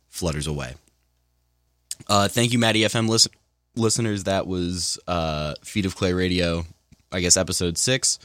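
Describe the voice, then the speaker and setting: A man's voice: low-pitched, a bit bright, dry recording. A man working as a college radio DJ with the hiccups, announcing songs in a loose, rambling way with self-deprecating asides, in a studio on a broadcast mic. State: has the hiccups.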